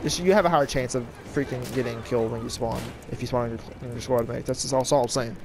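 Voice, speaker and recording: A man giving casual gameplay commentary, talking fast with jumbled words, frequent stutters and restarts. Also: medium pitch, fairly even intonation, noisy background. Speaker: gaming channel host. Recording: loud gunfire and battle game sounds behind. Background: shooter game audio with gunfire and vehicles.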